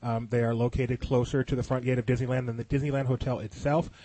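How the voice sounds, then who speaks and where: A man's voice: medium pitch, level tone, fast, warm tone, no room sound. A man hosting a casual podcast, reading sponsor plugs and chatting with a light laugh. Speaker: podcast host.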